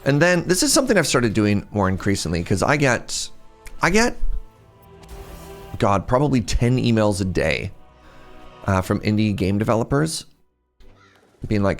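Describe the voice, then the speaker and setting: A man's voice: lowish voice, expressive, a little slow, pauses often, faint music behind. A man chatting casually while livestreaming a game, rambling and interrupting himself. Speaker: game streamer.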